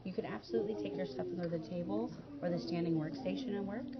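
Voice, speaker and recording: A woman's voice: fairly low pitch, fast talker, dull audio, a loud crowd. A woman teaching first graders in a classroom, patiently prompting them with questions and praise. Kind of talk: classroom lesson to young children. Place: elementary school classroom.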